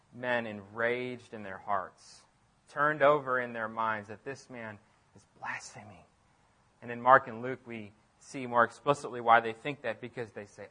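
A man preaching a sermon as pastor, emphatic, repeating phrases and swinging from loud declarations to near-quiet asides. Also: mid-range voice.

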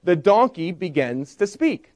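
Storytelling male preacher, higher voice. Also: big pitch swings, unhurried, darkish tone. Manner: storytelling with frequent rhetorical "right?"; acts out quoted voices in retelling. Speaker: pastor. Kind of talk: sermon.

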